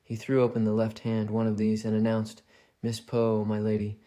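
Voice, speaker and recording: A man reading a classic detective story aloud in a calm, soft storybook narration. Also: lowish voice, normal speed.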